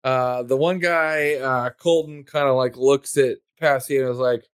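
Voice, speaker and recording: A game master narrating a tabletop game scene in a relaxed, hesitant way, full of fillers. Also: medium pitch, a little slow, clean tone, dry recording.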